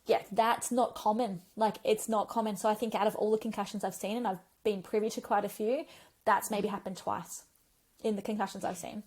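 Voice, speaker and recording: A woman, a physiotherapist guest on a podcast, telling stories in a chatty, animated way with lots of fillers. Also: mid-range voice, fairly quick, breathy edge. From Australia. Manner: chatty storyteller, animated retellings, frequent um and like. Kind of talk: conversational podcast interview.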